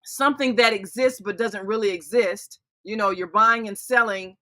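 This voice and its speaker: A woman hosts a live-stream chat, talking at length in a chatty, reflective way. Her voice is bright and forward. The sound is dry and close, with no room around her. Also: mid-range voice, normal speed, dry recording. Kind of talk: casual live-stream conversation.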